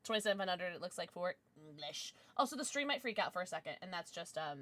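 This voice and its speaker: A young woman chats casually to her live-stream audience from a home setup, gushing and chatty. Her voice swings widely in pitch and has a bright, crisp edge. She is close on a desk microphone. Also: expressive, quick pace. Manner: bubbly, chatty, gushing at chat with sudden squeals.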